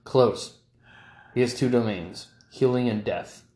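A man's voice: medium pitch, slow, darkish tone. A man in casual banter about tabletop games, enthusiastic and blunt, swearing casually. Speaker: tabletop gaming podcast co-host. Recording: echoey room.

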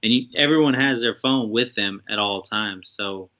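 A man's voice: on the low side, moderate pace, sharp tone, muffled recording. A man co-hosting a casual podcast, joking around and swearing freely. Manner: profane, joking banter. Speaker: podcast co-host.

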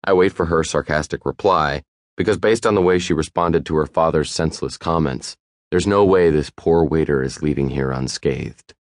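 A man narrating a first-person audiobook in a wry, even storytelling manner. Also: rumbling low, moderate pace, no room sound, clean studio sound.

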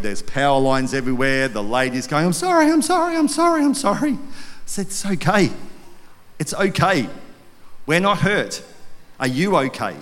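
A middle-aged man preaching a sermon, telling stories and acting out voices with animation. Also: medium pitch. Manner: storytelling, animated, acts out quoted voices. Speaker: pastor. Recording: long reverb of a large hall.

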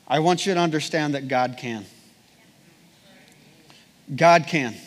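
An earnest man preaching a sermon, reading passages aloud and then circling back to his point with repeated phrases. His voice sits a little higher than most men's, and a long reverb trails off every sentence in a big church room. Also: slow pace, long pauses.

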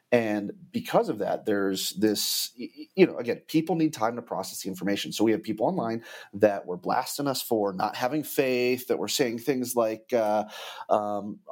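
A man speaking in a plain, even-pitched voice, conversational and earnest. He lays out his points in an explanatory, advice-giving way, like a guest on a relaxed podcast. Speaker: church communications guest.

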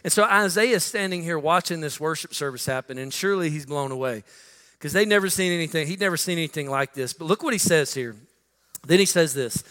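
High, bright-voiced man preaching a sermon. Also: brisk, in a large hall. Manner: conversational, repeats "listen", acts out quotes. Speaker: pastor. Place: church sanctuary.

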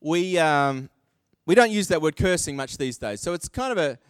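Male pastor, high and lively delivery, dry close sound, sermon. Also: moderate pace, smooth, dry recording. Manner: animated, acts out quoted voices, self-deprecating asides.

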